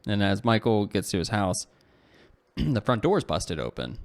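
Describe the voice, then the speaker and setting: A man's voice: on the low side, big pitch swings, unhurried, creaky. A man co-hosting a podcast, casually telling a long story, rambling with lots of "like" and "you know" and correcting himself as he goes. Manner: self-correcting, self-deprecating asides. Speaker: podcast co-host.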